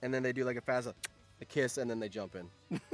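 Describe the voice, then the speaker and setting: A man's voice: medium pitch, a little fast, faint music behind. A man streaming and commenting on a game, reading out results, laughing often and swearing.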